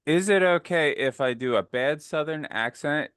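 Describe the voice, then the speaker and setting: A man from the northern US talking as a player in a tabletop game. His pitch swings lively up and down as he chats, and he laughs easily. The sound is dry and close. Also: normal speed, clear, resonant tone, no echo. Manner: chatty, laughs often.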